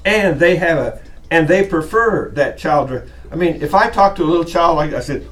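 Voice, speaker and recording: A man's voice: fairly high pitch, normal speed, fairly bright tone, recorded from a distance. A man lecturing a college class in a chatty way, often acting out little voices as he teaches, recorded in a classroom.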